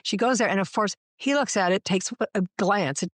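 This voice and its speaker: A woman's voice: medium pitch, moderate pace, no room sound. A woman showrunner, a guest on an interview podcast, telling stories and acting out quoted dialogue. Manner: animated, acts out quoted dialogue in her anecdotes. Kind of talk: conversational storytelling interview.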